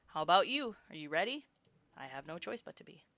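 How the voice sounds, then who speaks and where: Bright, animated woman streamer. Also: on the low side, brisk, no room sound. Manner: reads game text aloud, chats and laughs with viewers. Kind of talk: game narration and casual live chat.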